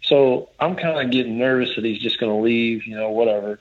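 A man's voice: medium pitch, a little fast. A man casually telling a long story as a guest, rambling and restarting as he quotes others. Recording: dull lo-fi audio.

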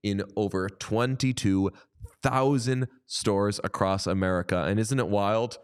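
A young man co-hosting a casual sports podcast, riffing playfully and reading an ad with bursts of excitement. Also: on the low side, a little slow, smooth. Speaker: podcast co-host. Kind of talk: casual chat and ad read.

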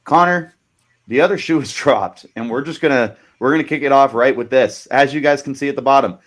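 Guy hosting a sports podcast, teasing, playful banter, regular pitch. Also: brisk. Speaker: podcast host. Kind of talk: casual sports podcast chat.

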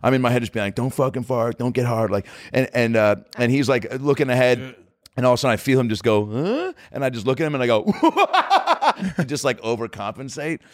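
A young man talks fast and tells a story with energy, jumping into loud acted-out quotes. The recording is dry and close, with no room sound. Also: mid-range voice, no room sound. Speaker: comedian and podcaster. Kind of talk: casual chat, telling an animated story.

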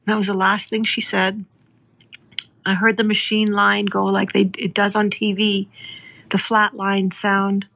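A middle-aged woman from Canada, hosting a podcast and telling a moving story in an earnest, heartfelt way, slowing down for emphasis. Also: medium pitch, flat delivery, vocal fry, fairly bright tone. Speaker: podcast host. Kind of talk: emotional storytelling.

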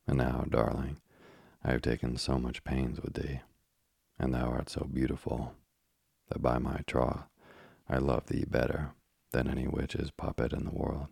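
A man reading an audiobook, voicing a stern, scheming old witch woman who speaks in archaic phrases, with a husky, half-whispered edge. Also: rumbling low, completely flat delivery, measured pace, darkish tone, no room sound, studio quality, full character voice. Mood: doting.

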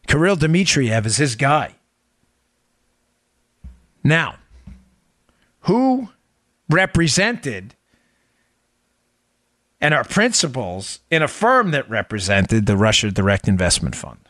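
A man's voice: a little high, a bit bright, no echo, studio quality. A middle-aged man hosting a political commentary podcast, talking in an emphatic, incredulous way and repeating his points for effect. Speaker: podcast host.

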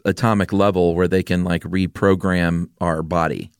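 Deep-voiced man co-hosting a podcast. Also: flat delivery, smooth, no echo, studio quality. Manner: chatty, joking, quick to chime in. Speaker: podcast co-host. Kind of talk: casual conversational podcast.

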